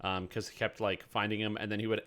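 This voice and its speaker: A man's voice: fairly low pitch, little pitch movement, fast talker, a bit bright. A man chatting casually on his game stream, telling a rambling story full of fillers.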